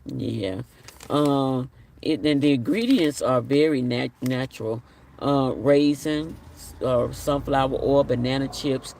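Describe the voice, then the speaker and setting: A man's voice: mid-range voice, slow pace, creaky, darkish tone, distant mic, slight background noise. A man hosting a casual live stream, chatting and reading viewer comments aloud with an apologetic manner. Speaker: livestream host.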